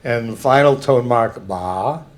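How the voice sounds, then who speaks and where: Older man, unhurried delivery, careful explainer, presentation talk. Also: medium pitch. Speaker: veteran giving a talk. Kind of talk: public talk with slides.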